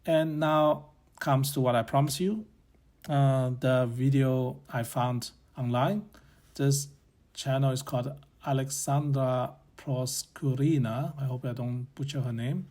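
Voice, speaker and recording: A man's voice: mid-range voice, steady tone, unhurried, darkish tone. Blunt man musing aloud. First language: Chinese. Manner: blunt, opinionated, rambling with self-corrections. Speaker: podcast host. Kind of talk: casual opinion monologue.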